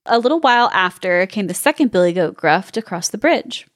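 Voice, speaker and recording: A woman's voice: mid-range voice, animated, a little fast. A woman co-hosting a podcast, reading a fairy tale aloud and breaking off with playful, laughing comments. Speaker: podcast co-host.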